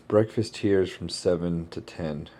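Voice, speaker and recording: A man, a keynote speaker, chatting casually in a travel vlog and thinking out loud in a rambling way. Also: low-pitched, a little slow.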